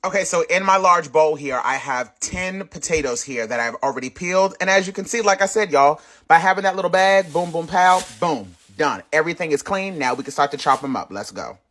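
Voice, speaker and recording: A man's voice: a little high, expressive, fairly quick, hardly any pauses, fairly bright tone. A man hosting a casual cooking tutorial, emphatic and playful, repeating his points with teasing scolds. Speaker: home cook, channel host.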